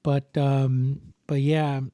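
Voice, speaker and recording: A man hosts a casual podcast chat, stretching out his words as he tells stories with animation and voices quoted lines in a higher pitch. The studio recording is clean and dry.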